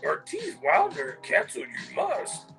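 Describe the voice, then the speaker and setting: A man voicing a tiny ancient alien sage who speaks in inverted word order with a squeaky croak. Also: wildly swooping pitch, takes it slowly, over music, full character voice. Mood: mock solemn.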